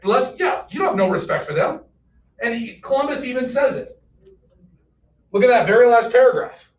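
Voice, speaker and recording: A man's voice: very high voice, moderate pace, pauses often. A man teaching a history class, joking around and firing questions at his students. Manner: animated, joking, fires off questions. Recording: echoey classroom, mic far off.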